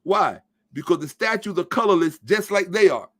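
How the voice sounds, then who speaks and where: Lecturing his audience, this podcast host rants through a social commentary monologue that is blunt, emphatic and full of profanity. He speaks at a moderate pace in a high-pitched, expressive voice.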